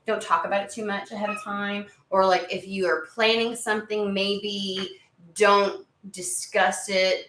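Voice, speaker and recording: A woman giving a casual tarot reading to her viewers, chatty and excitable, swearing freely and talking through plenty of fillers. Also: mid-range voice, echoey room, rough recording. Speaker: tarot reader.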